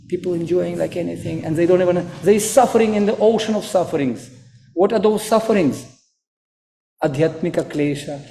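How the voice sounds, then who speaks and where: Animated preacher man from Ukraine, echoey hall. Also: on the high side. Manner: animated, acts out quoted voices. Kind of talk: sermon. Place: temple hall.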